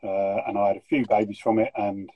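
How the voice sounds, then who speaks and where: A man's voice: lowish voice, flat delivery, fairly quick, dull audio, a little hiss or hum. A middle-aged man chatting as a guest, full of joking, teasing banter. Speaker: guest breeder. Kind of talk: casual chat.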